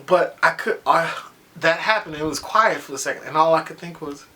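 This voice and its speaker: A man reviewing a TV episode in a casual, profane monologue, excitable and acting out his own reactions. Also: fairly high pitch, moderate pace.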